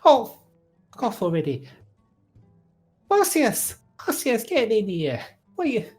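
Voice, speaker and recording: A man voicing a disheveled female hill dwarf who shrieks and yells. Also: huge pitch swings, slow, soft background music, heavily acted. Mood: furious. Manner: shrill, yelling.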